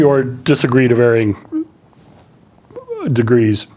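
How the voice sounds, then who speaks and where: Man, middle-aged, lecturing a live audience, lots of uhs, slightly high voice. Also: normal speed. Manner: relaxed, many fillers, asks the audience questions.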